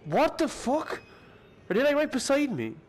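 High, wildly swinging gamer man. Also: very animated, moderate pace, slight background noise. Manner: jumpy, swearing, shrieking and yelling at enemies. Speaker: gamer playing a VR horror game. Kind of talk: live gameplay commentary.

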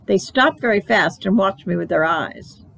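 A woman reading a children's book aloud for a library, expressive and playful. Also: medium pitch, moderate pace, creaky, low-quality recording. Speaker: library storyteller.

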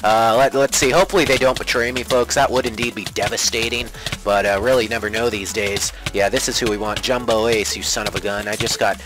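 A young man commentating a player-versus-player game in a mock-polite, family-friendly showman manner, yelping and shouting when things go wrong. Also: on the low side, fairly even intonation, fairly quick, rough recording. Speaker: gaming commentator. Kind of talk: Minecraft PvP let's play commentary.

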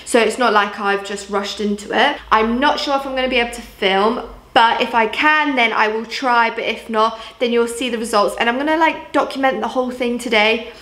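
Filming a casual vlog at home, a young Jersey woman talks to camera briskly with few pauses, sprinkling in plenty of "like" and "um." She sounds fairly bright and sits on the high side. There's a roomy echo to the sound.

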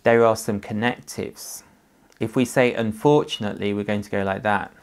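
A man's voice: fairly low pitch, fairly even intonation, normal speed. A male primary school teacher leading a story lesson with actions, giving patient, encouraging instructions to young children.

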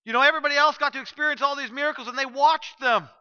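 A man preaching a sermon as pastor, telling a story with sudden shifts from loud to hushed. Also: extremely high pitch, fairly even intonation, very fast, highs cut off. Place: church sanctuary.

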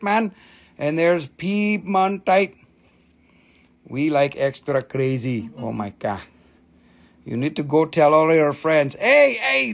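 A man hosting a live crystal sale, chatting in an excitable, joking way and swearing casually. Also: sits high. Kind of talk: live sales stream chat.

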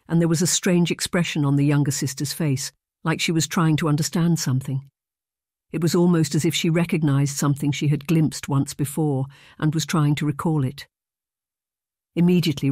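A measured, even audiobook narration delivered close to the mic in a dead-dry space. The voice sits at a middle pitch and tells the story at a steady pace. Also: no echo.

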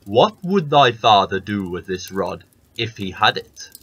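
A man voicing a huge, wrathful old male giant in a storybook reading, slow and booming. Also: sing-song, fairly bright tone, breathy edge, dry recording, heavily acted. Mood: menacing.

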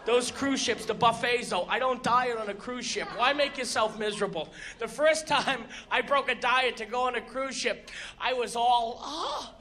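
A male stand-up comedian telling stories on stage with animated exasperation. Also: very high voice, normal speed, slight background noise. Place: comedy stage before an audience. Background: audience laughter.

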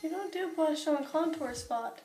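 A woman's voice: sits high, lively intonation, moderate pace, warm tone, faint music behind. A young woman vlogging while her makeup is done, chatting casually, teasing and laughing often. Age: young adult. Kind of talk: casual chat. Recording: roomy home room echo.

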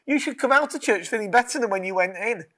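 A man preaching a sermon as pastor, earnest, leading call-and-response lines and dropping to a hush. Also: high-pitched, expressive, fast talker.

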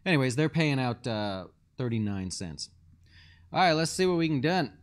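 A man's voice: medium pitch, very animated, normal speed. A man hosting a live stock market show as a fund manager, reading viewer questions and talking loosely with many fillers and restarts.

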